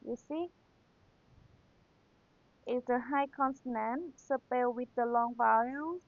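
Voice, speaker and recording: Slow, patient young woman teacher whose first language is Thai, reviewing for an exam on a tinny, phone-like recording. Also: a little high, dry recording. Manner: patient, repeats key points, checks with rhetorical questions. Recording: tinny phone-like sound, dry.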